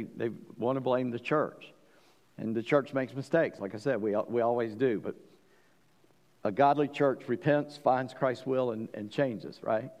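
A man preaching a sermon as pastor, emphatic, swinging between loud declarations and quiet asides, asking the congregation questions. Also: mid-range voice, long reverb tail, muffled recording. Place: church.

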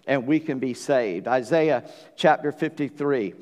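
A man preaching a sermon as pastor, earnest, swinging between loud emphasis and hushed passages. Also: medium pitch, unhurried. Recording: long reverb of a church hall.

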